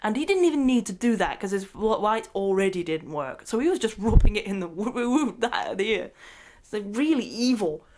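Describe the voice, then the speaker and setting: Excitable rambling woman. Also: mid-range voice, fairly quick. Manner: rambling, excitable, laughs often mid-sentence. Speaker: movie reviewer. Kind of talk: ranting movie recap.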